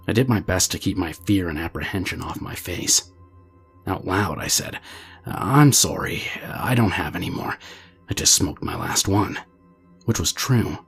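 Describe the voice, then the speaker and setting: A man reading a true scary story aloud as the channel's narrator, in a steady, low-key way. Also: gravelly, breathy edge.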